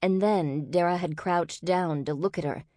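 Low-voiced woman narrating an audiobook. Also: normal speed, a little mellow, no room sound, clean studio sound. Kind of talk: scripted narration.

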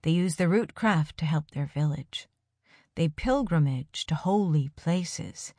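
Slow, low-voiced woman storyteller. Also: animated, warm tone, no room sound, studio quality. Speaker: audiobook narrator. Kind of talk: first-person story narration.

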